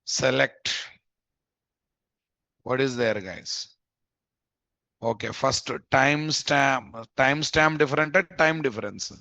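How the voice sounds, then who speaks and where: A man's voice: medium pitch, takes it slowly, gravelly, long pauses, pushed and bright, no room sound. Man teaching code, muffled audio. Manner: thinks aloud, repeats phrases, often adds "guys?". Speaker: programming instructor. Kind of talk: live coding lesson. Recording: dull, dry lo-fi mic audio.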